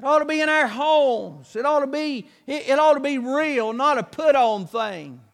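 A man's voice: very high voice, animated, normal speed. A man preaching a sermon, telling a story in a folksy way and acting out its scenes.

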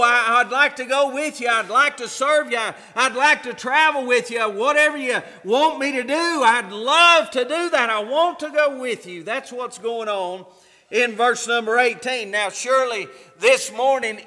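A man's voice: very high-pitched, pushed and bright, long reverb tail. A man preaching a sermon as pastor, fervent and repeating his phrases for emphasis.

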